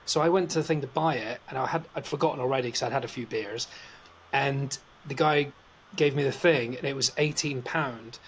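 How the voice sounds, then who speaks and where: A man's voice: mid-range voice, brisk, a little hiss or hum. Chatty man telling a story. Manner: swears freely, acts out quotes, laughs often. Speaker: podcast co-host. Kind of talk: casual storytelling chat.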